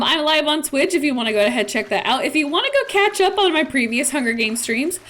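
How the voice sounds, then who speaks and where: A woman's voice: high voice, a bit bright. A woman streamer chatting playfully through casual gameplay commentary. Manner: chatty, playful, with laughs and fillers.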